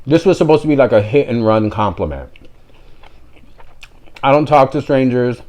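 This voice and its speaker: A man's voice: mid-range voice, animated, normal speed, a little mellow. A man telling a story in a casual vlog, rambling and breaking off into tangents he apologizes for. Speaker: vlogger.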